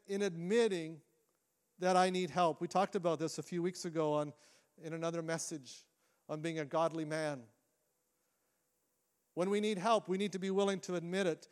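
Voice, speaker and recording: A middle-aged man preaches to his congregation in a sermon, his voice sitting somewhat high for a man. He speaks earnestly and often restarts a phrase before pressing on. He moves between quick stretches and slow, deliberate ones. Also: darkish tone, clean tone. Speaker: lead pastor. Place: church sanctuary.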